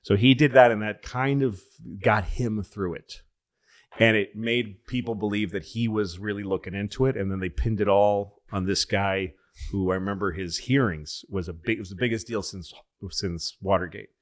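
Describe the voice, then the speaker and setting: A man hosting a podcast, casually telling a long story and acting out the people he quotes in excited, higher voices. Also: normal speed. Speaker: podcast host.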